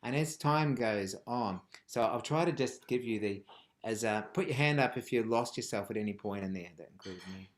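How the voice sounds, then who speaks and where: A man with a fairly low voice leads a rhythm workshop over a video call. He talks in a playful way, chanting rhythmic words and swinging from loud calls to near whispers. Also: normal speed. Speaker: music teacher. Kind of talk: live online rhythm workshop.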